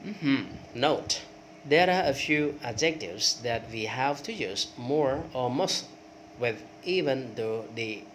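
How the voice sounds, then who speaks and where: A man whose first language is Khmer teaches English grammar at an unhurried pace, reciting example words in rising drills and checking in often with "okay". A faint air-conditioner hum sits behind his mid-pitched voice. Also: a bit bright. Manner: repeats word forms in drills, rising on examples, many okays. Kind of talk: grammar lesson.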